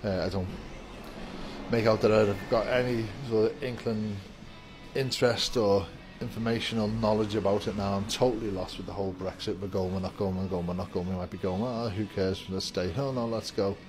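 This vape shop employee has a lowish, level voice and talks a little fast, greeting viewers in a loose, upbeat vlog ramble. He's inside the shop with its door open, and faint music can be heard.

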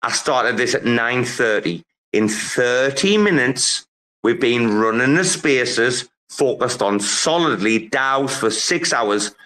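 A man's voice: mid-range voice, expressive, slow, a bit bright, slight background noise, rough recording. A man hosting a casual late-night chat, rambling and swearing a lot. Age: 40s. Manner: crude, rambling, profane. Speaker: host. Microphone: phone.

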